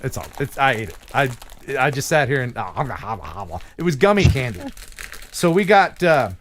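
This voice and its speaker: A man's voice: mid-range voice, lively intonation, a little fast, a bit bright, slight background noise. A man hosting a live stream in a casual, jokey way, reading viewer mail aloud and laughing at himself. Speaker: host.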